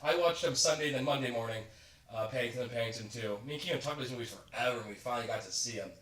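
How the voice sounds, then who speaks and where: A young man talks fast in a rambling, self-interrupting way. His voice sits back from the mic in a roomy, echoing space. It is a casual podcast chat. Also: medium pitch, distant mic, background noise. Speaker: podcast co-host. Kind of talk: casual movie review chat.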